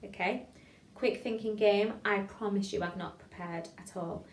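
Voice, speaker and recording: Speaking unhurriedly at medium pitch with fairly even intonation, this woman teaches an online improv session for drama. She encourages her students, chats freely and laughs off her own mistakes. The recording is echoey and distant, with a little hiss or hum.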